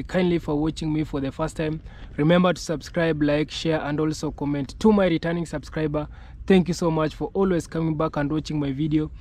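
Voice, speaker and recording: A man from Kenya hosting his own channel, greeting viewers formally and speaking haltingly with "uh" pauses. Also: fairly high pitch, darkish tone. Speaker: vlogger host. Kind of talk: channel intro and reaction.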